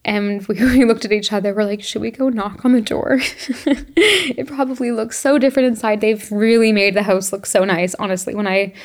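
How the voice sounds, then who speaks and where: Young woman podcast host, gravelly fry, middle pitch, reflective and teary solo chat. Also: fairly even intonation, normal speed, a little mellow. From Canada. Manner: reflective, emotional, laughs often. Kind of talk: casual solo monologue.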